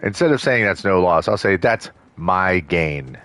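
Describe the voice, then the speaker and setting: Brief: deep-voiced male let's-play host, loose rambling gameplay chatter. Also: expressive, measured pace, a bit bright, no echo. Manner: rambling, full of fillers and restarts. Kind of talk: casual gameplay commentary.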